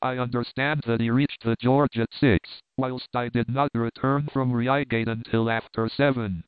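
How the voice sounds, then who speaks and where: A man's voice: mid-range voice, clean tone, no echo, lightly acted. A man reading the part of a burly, good-natured older male blacksmith and prizefighter who speaks plainly and heartily. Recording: tinny narrow-band, dry.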